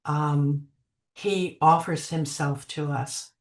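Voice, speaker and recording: An older woman telling spiritual memories as an interview guest, gentle and unhurried, trailing off with many fillers. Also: sits low, steady tone. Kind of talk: reflective spiritual storytelling. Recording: echoey room.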